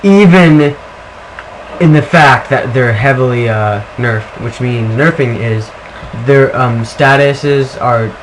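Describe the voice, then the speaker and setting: A young man co-hosts a casual gaming video, mostly chiming in with short remarks and corrections. His pitch is ordinary. A faint hiss sits behind his voice. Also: slow, poor audio. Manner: chimes in with short interjections. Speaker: co-host of a gameplay video. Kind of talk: casual gameplay commentary.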